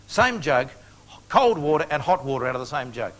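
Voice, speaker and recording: Older man, evangelist preaching to a crowd; storytelling, earnest altar-call push, voice sits a bit high. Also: animated, moderate pace, a bit bright, low-quality recording.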